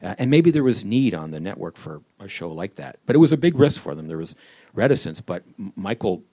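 Man, comedy writer on a live panel, rambling wry storyteller, very animated pitch. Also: a little fast, breathy edge. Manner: wry, rambling storyteller who slips into voices. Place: live event with an audience.

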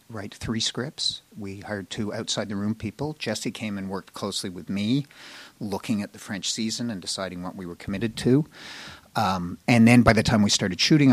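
A man speaking as a TV showrunner at a live panel, frank and animated, acting out people's reactions. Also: on the low side, dry recording. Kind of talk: candid panel talk. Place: live event with an audience.

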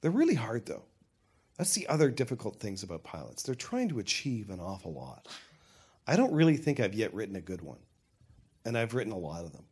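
An older man with a fairly low voice answers questions as a showrunner. He talks frankly, stopping and restarting his sentences as he thinks aloud. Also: wildly swooping pitch, a little fast, a little mellow, husky. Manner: rambling, self-correcting, frank. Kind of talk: panel Q&A talk.

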